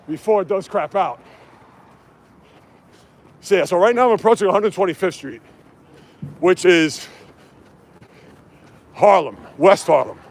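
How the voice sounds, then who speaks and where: A man hosting a casual livestream outdoors on city streets, talking into his phone as he runs and answering viewers' comments one after another. His voice sits high for a man and has a gravelly, frying edge. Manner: chatty, reads viewer comments aloud and reacts. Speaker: livestream host. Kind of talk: casual livestream chat while running. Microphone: handheld phone.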